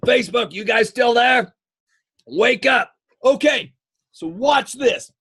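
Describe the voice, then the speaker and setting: A male fitness coach giving an energetic live coaching talk, emphatic and repetitive, often checking in with "okay?". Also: very high voice, unhurried, slightly rough. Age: adult, married eighteen years.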